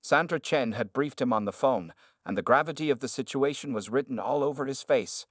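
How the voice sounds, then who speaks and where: A man narrates a scripted drama in a steady, even manner. His voice sits in a middle pitch range. The recording is close and very dry, with no room sound. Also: a little fast, no room sound.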